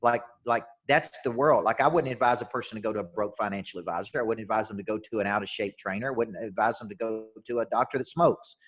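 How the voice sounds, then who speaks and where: Emphatic American coach telling stories. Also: male voice, mid-range voice, a bit bright, husky. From United States. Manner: emphatic, repeats words when starting sentences. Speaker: business coach, podcast guest. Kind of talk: energetic storytelling in a podcast interview.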